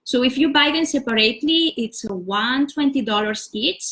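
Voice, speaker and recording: A woman's voice: sits high, moderate pace, fairly bright tone. A woman language teacher giving a casual livestream explainer, talking step by step with frequent "uh" and "so". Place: home setup for a live stream.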